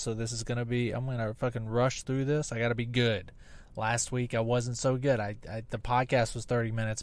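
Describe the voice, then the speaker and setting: Profane man in his thirties podcasting. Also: medium pitch. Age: 30s. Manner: profane, rambling, self-deprecating. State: recovering from back surgery. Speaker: podcast host. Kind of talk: casual solo podcast monologue. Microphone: laptop mic on a video call app, close and popping. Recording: hot, crisp, poppy laptop mic.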